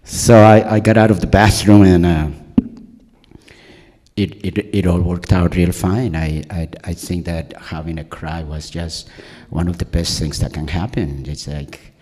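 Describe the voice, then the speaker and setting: A man's voice: sits low, steady tone, measured pace, dark tone. A man telling a true personal story at a live storytelling event, rambling and self-mocking, often restarting his sentences. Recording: long reverb of a performance hall.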